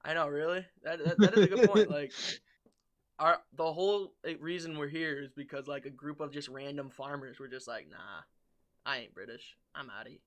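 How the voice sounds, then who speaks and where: A man's voice: on the high side, steady tone, fairly quick. A man co-hosting a comedy podcast, rambling with many fillers and restarts in casual chat. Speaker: podcast co-host.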